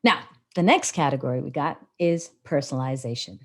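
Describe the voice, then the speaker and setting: A woman hosting a live webinar as a public speaking coach. She teaches with animated, expressive delivery and wide swings in tone, speaking into a laptop on a video call. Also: a bass voice, brisk.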